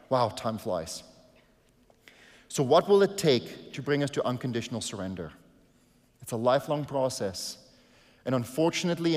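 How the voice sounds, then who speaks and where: Earnest male pastor in a reverberant hall. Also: mid-range voice. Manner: earnest, shifts from hushed to emphatic. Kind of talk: sermon.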